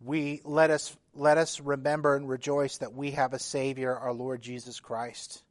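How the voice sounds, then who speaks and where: A man preaching a sermon in a measured, emphatic way, his intensity rising and falling. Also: medium pitch, little pitch movement, dry recording.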